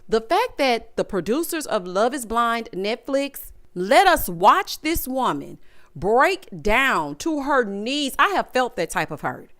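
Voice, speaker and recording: Speaking slowly in a fairly bright, high-leaning voice with big swings in pitch, this woman recaps a reality dating show with sass and emphasis. She talks straight to the participants and performs their lines in changing voices.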